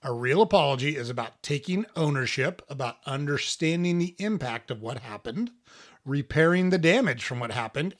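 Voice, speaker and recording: A man's voice: on the high side, fairly bright tone. Blunt, punchy man giving advice. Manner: blunt and emphatic, swears freely; punchy repetition for emphasis. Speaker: podcast host. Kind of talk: direct advice talk.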